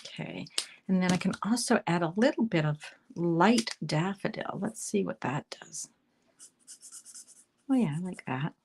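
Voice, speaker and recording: A woman from Canada giving a casual live card-making demonstration, chatting and thinking aloud as she colors, often dropping to a soft murmur. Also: lowish voice, expressive, measured pace, long pauses, breathy edge.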